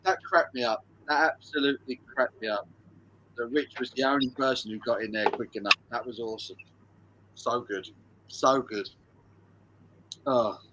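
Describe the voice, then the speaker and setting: A man's voice: mid-range voice, a bit bright, slight background noise. A man hosting a charity live stream quiz, reading out viewers' answers and bantering, with frequent swearing and laughter. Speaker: live stream host running a music quiz.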